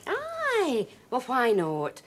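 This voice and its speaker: A middle-aged woman with a Scottish accent playing a wry, sharp-tongued Glasgow mother. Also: high-pitched, wildly swooping pitch, drawn-out words, a little hiss or hum, exaggerated voice. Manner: wry, teasing. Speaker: mother in a family drama.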